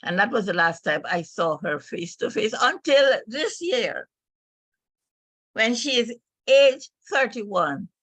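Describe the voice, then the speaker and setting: An older woman giving a speech, telling a personal family story in an emotional, halting storyteller's way. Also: on the high side, big pitch swings, fairly bright tone, breathy edge, no echo. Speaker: speaker at a club meeting.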